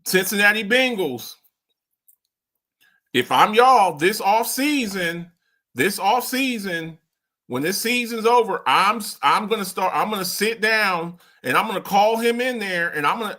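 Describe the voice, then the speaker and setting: A man hosting sports talk, ranting in an animated way with big swings of pitch and loudness. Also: measured pace. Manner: loud, excitable, swings high and low in pitch, slips into mock voices.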